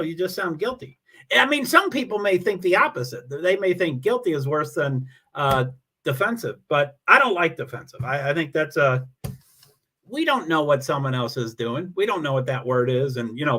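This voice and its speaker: A man with a bright, slightly high voice hosts a casual livestream from home by himself. He rambles and pokes fun at himself as he reads viewer comments aloud. His tone stays chatty and loose throughout. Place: at home alone.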